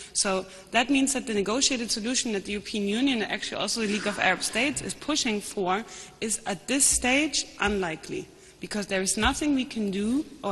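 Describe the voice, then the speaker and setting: A woman panelist giving an analytical, measured conference talk, often restarting her sentences. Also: medium pitch, fairly bright tone, a little hiss or hum. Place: large conference hall. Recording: long hall reverb.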